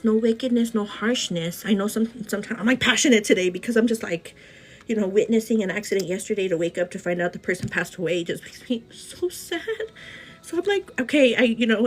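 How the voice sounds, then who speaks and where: A woman's voice: fairly high pitch, low-quality recording. A young woman, a beauty vlogger, giving a passionate motivational talk at home while doing her makeup, calling the listener "girl" and saying "you know" often. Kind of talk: get-ready-with-me motivational chat. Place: home, indoors.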